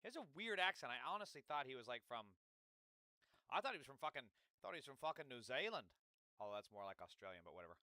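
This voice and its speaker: Bright, crisp-voiced man livestreaming. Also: mid-range voice, sing-song, fast, no echo. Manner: rambling, profane, talks while eating. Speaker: livestream host. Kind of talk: casual livestream chat. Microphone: desk microphone, close.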